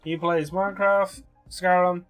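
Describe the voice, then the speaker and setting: A man on a casual stream, laid-back, chatting and giving shout-outs to another streamer. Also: high voice, flat delivery, measured pace, soft background music. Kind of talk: casual chat with friends.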